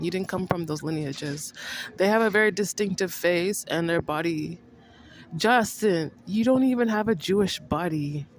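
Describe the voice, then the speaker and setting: A woman vlogger in a rambling monologue, accusing someone she addresses by name, repeating herself with halting restarts. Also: fairly low pitch, a little hiss or hum, low-quality recording. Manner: accusing, repetitive, addresses an absent person by name; halting, with many restarts and fillers.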